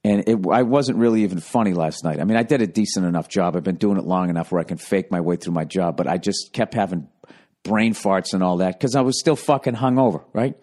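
A man's voice: low-pitched, fast talker, a little mellow. A middle-aged man and comedian telling a rambling, profane story in a casual podcast monologue with wry asides.

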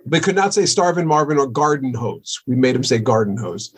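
A husky, slightly breathy man. He talks as a podcast guest, loose and joking, rolling from one road story into the next. His pitch sits in an ordinary middle range. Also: expressive, a little fast. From Long Island, New York. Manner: joking, storytelling, laughs easily. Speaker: podcast guest, rock drummer. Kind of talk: casual interview chat.

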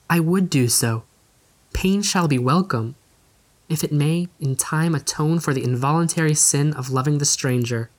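A man's voice: mid-range voice, close to an everyday voice. A man reading the part of an anguished young noblewoman torn between duty and love, in earnest, pleading period diction. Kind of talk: audiobook reading.

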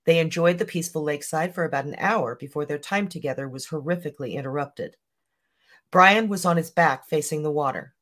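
Podcast host narrating true crime. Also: mid-range voice. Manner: even, measured storytelling.

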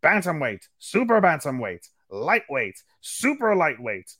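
A man putting on a booming male boxing ring announcer, stretching out each title. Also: wildly swooping pitch, measured pace, sharp tone, husky, no room sound, clean studio sound, exaggerated voice. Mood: grandiose. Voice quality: stretched, rising announcer delivery.

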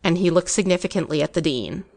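A woman giving a measured, expressive audiobook reading of an old ghost story. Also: fairly low pitch, vocal fry. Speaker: narrator.

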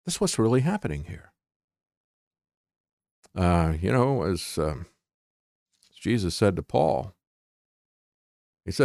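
Emphatic male talk host, lively delivery. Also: medium pitch, unhurried, pauses often, no echo, studio quality. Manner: emphatic, sarcastic interjections. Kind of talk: opinionated commentary.

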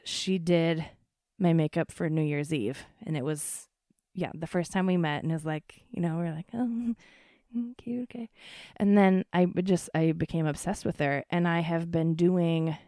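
Excitable, cursing woman, dry close sound. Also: sits low, moderate pace, dry recording. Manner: gushing, excitable, profane, lots of fillers. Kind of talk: casual chat.

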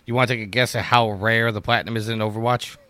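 A man hosting a gaming podcast, reading housekeeping announcements in a brisk, upbeat way. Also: lowish voice, steady tone, pushed and bright, no room sound. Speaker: podcast host. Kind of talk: casual podcast chat and show announcements.

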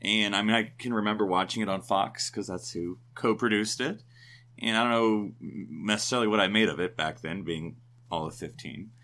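Chatty deep-voiced man. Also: normal speed, pushed and bright. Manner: rambling, self-correcting, chatty. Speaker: podcast co-host. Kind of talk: casual chat.

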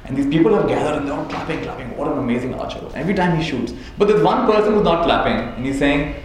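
Fast and expressive, the man speaks at a fairly high pitch while teaching a live audience as a spiritual teacher. Storytelling is punctuated by frequent chuckles and "right?" check-ins. Strong hall echo and faint noise fill the recording.

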